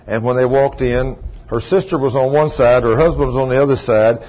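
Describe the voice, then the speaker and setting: A man's voice: medium pitch, brisk. A middle-aged man preaching a sermon as a story, folksy in tone and rising to emphatic outbursts. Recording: dull lo-fi recording.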